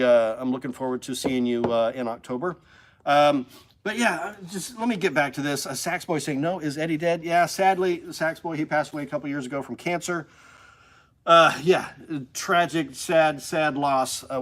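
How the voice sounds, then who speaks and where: A man's voice: on the high side, fairly bright tone, a little hiss or hum. A man hosting a casual live stream, talking enthusiastically and emotionally while chatting with viewers. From Missouri Ozarks. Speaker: livestream host. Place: indoors with a shelf.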